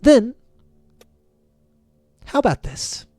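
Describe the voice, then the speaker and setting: A man's voice: drawn-out words, mellow, no echo, soft background music. A man voicing a contemptuous, scheming male devil prosecutor with a sneering, formal manner. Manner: sneering, raised, cold formality.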